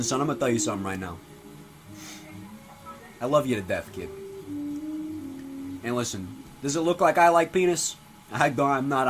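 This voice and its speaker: A man playing a gruff, foul-mouthed, middle-aged mob-style father in a comedy sketch. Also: medium pitch, natural voice, rough recording. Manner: swaggering, profane, tough-guy drawl. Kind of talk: comedy sketch character acting. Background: music playing.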